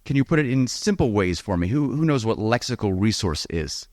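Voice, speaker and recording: Upbeat low-voiced male teacher. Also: brisk, dry recording, clean studio sound. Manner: lively, encouraging, addresses the audience directly. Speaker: IELTS speaking teacher. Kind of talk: live seminar talk to an audience. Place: event hall with audience.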